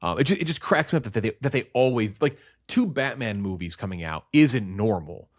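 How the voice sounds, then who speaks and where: A man's voice: on the low side, expressive, a little fast. A man co-hosting a film podcast, rambling casually with restarts and blunt swearing. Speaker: podcast co-host.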